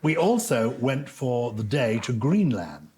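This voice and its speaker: An older man trading witty banter as a podcast co-host. His pitch leaps around animatedly as he spins his stories. The talk is jovial and a little theatrical, in front of a live audience. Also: sing-song, unhurried, a little mellow.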